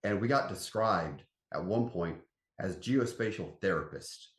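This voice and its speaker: A man with a drawl talks as an interview guest, folksy and emphatic, his pitch swinging widely as he tells his stories. His voice carries a noticeable room echo. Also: measured pace, slight background noise. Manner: animated storyteller, folksy and emphatic. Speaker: company CEO, podcast guest. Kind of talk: casual interview chat. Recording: roomy echo.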